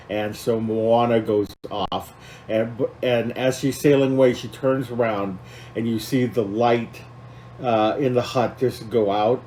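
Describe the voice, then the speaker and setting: A man's voice: lowish voice, dark tone, slight background noise, poor audio. A man co-hosting a podcast, talking casually and with feeling, rambling with many fillers and restarts. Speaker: podcast co-host.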